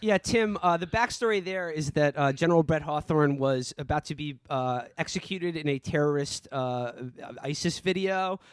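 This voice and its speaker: A man's voice: fairly high pitch, moderate pace, few pauses, smooth, no echo. A man co-hosting a comedy podcast, reading a novel aloud in a mock-earnest tone and breaking into laughter. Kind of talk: comedic dramatic reading with banter.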